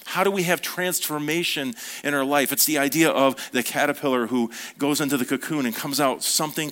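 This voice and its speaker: A man preaching a conversational sermon, telling stories with relaxed, playful asides. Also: mid-range voice.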